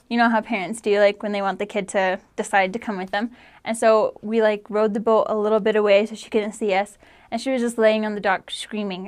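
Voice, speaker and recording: A woman in her twenties telling family stories in casual chat, full of "like" and lively quoted voices. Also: mid-range voice, fast, smooth. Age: 20s. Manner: chatty, lots of "like", animated quoting. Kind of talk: casual storytelling.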